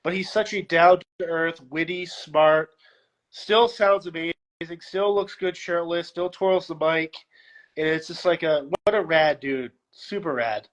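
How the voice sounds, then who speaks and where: A man being interviewed as a guest, chatting casually and telling animated stories with quick put-on voices. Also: a little high, low-quality recording. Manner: animated storyteller, puts on quick voices in anecdotes. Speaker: guest, security director.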